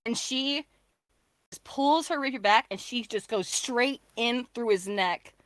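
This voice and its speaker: A woman's voice: fairly high pitch, a little slow, no echo. A woman playing a tabletop game, describing her character's actions in a rambling way full of fillers. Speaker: player. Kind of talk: casual tabletop game play.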